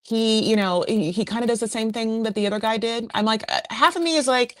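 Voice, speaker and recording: A woman's voice: fairly high pitch, a little fast, few pauses, no echo. A woman hosting a podcast, recapping a reality show in a chatty, gossipy way full of fillers. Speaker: podcast host.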